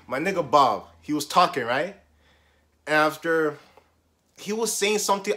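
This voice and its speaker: A young man with a voice on the high side tells a story from his school days in a casual vlog. He's animated and heavy on slang and swearing, swinging between loud outbursts and muttered asides.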